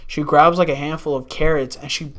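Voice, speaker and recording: A man's voice: fairly high pitch, a little fast. A young man, a podcast guest telling wild work stories in casual chat, swearing often and acting out what people said. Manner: animated, swears a lot, acts out quotes. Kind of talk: casual storytelling.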